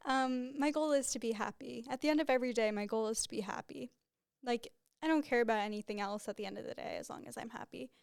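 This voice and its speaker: A woman in her twenties, speaking in a high, smooth voice, hosts a casual solo podcast from a small studio with a white backdrop. She talks into a podcast microphone, rambling and openly emotional, and the recording is dry.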